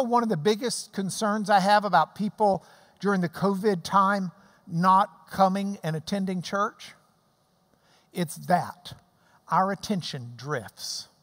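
A pastor preaching a sermon, telling stories and explaining scripture in an animated way and acting out the clapping. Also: mid-range voice. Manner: animated storytelling, mimics clapping. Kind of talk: sermon with Bible teaching. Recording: long hall reverb.

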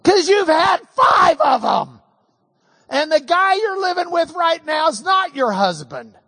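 A preacher voicing a forceful, pointed teacher figure. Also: male voice, very high-pitched, sing-song, unhurried, a faint crowd, pitched above the performer's own voice, exaggerated voice. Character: calm authoritative male teacher figure. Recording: long hall reverb.

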